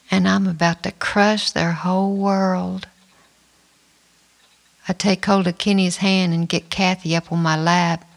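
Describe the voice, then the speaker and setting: Slow, low-pitched woman reading a memoir. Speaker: memoir narrator. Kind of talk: first-person memoir reading.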